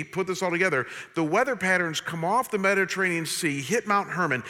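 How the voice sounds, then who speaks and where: A man preaching a sermon, lively and humorous, speaking straight to his congregation. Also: fairly high pitch. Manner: animated, humorous, addresses congregation directly. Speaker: pastor. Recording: long reverb of a large hall.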